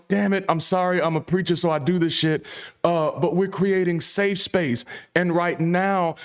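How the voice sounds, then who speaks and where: Speaking like a preacher in a deep baritone, this male host rails through a forceful, foul-mouthed monologue that keeps circling back on itself.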